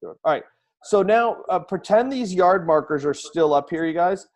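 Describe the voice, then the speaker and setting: Excitable high-voiced male coach. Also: normal speed. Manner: excitable, fires repeated rhetorical questions. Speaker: host and speaking coach. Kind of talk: energetic live-stream coaching talk.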